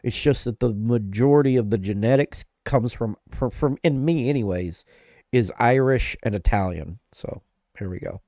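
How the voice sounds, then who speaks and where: Sick, rambling man with a mellow voice. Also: mid-range voice, normal speed, no room sound, studio quality. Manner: rambling, self-interrupting, laughs often. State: sick with flu-like symptoms. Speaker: live streamer. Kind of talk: casual live-stream chat.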